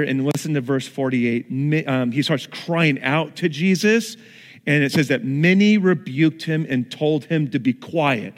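Man preaching in a reverberant hall. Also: fairly high pitch. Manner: conversational preaching with acted-out asides. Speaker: pastor. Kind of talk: sermon. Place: church sanctuary. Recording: long reverb in a large hall.

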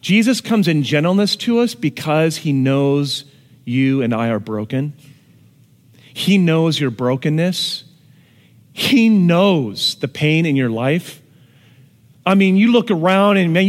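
A man preaching a sermon, animated, moving from hushed tones to shouted emphasis. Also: a little high, measured pace. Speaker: pastor. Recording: long hall reverb.

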